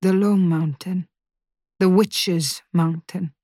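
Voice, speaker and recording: A woman puts on a drunk, grief-stricken older mother in an audiobook, her voice low and thick with crying. She speaks slowly and breaks off between sobs. The sound is dry and close. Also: steady tone, dark tone, dry recording. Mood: low, grieving. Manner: sobbing, breaking off mid-sentence. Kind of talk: audiobook character voice.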